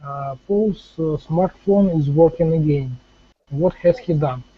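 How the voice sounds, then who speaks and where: A man's voice: a little high, slow, no room sound, lo-fi sound. A man answering as a student in an online English class, hesitant and polite. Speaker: language student.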